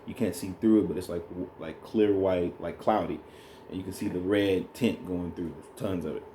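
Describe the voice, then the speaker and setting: A man telling a birth story in a relaxed, rambling way, co-hosting a casual chat with his partner. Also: low-pitched, normal speed, a little hiss or hum. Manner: rambling, animated when retelling. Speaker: co-host, new father.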